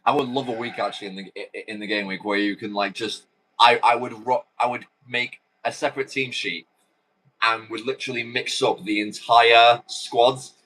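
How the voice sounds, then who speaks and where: A man's voice: mid-range voice, fairly even intonation, normal speed, fairly bright tone, poor audio. A man hosting a watchalong, calling a football video game live with chatty, rambling asides. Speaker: host.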